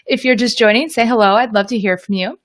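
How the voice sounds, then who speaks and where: A woman's voice: fairly high pitch, fast talker. A woman hosting a live online teaching session, explaining reading skills in an upbeat, chatty way and greeting viewers by name. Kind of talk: casual teaching livestream.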